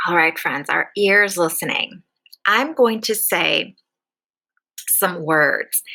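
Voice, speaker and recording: A bright, clear-voiced woman teaching young children over video, speaking very slowly and deliberately. She draws out each letter sound with patient, careful enunciation, a warm classroom teacher for little ones. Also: medium pitch, low-quality recording. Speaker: kindergarten teacher. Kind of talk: slow, clear classroom phonics lesson.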